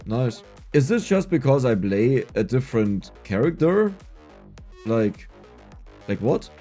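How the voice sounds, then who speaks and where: A man giving casual gameplay commentary, excitable and laughing often, with a strained, scratchy voice. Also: medium pitch, slow, faint music behind. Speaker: gaming YouTuber.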